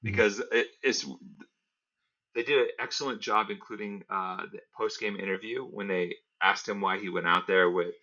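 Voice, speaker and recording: A man with a low voice co-hosts a podcast in loose, casual chat. He rambles and leans heavily on filler words. The audio sounds a little dull and lo-fi. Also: fairly even intonation, normal speed, bright, forceful tone. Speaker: podcast co-host.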